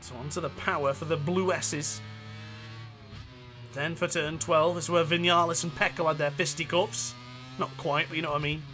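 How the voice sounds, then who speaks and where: Bright-voiced northern English gaming commentator. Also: male voice, on the high side, moderate pace, faint music behind. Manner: chatty, excitable, laughs often. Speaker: racing game commentator. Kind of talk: gameplay commentary.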